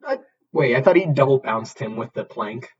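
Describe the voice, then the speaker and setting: A man's voice: medium pitch, animated, normal speed, darkish tone, breathy edge, dull audio. A man co-hosting a comedy podcast, rambling through a movie recap with sarcastic jokes, swearing and lots of "uh" fillers. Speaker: podcast co-host. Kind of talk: casual comedic chat.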